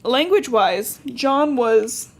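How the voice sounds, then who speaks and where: A woman's voice: on the high side, lively intonation, slow. Chatty young woman recapping a book. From Cincinnati, Ohio. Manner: chatty recapping with slangy asides and swearing. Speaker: podcast host. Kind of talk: casual book-podcast chat.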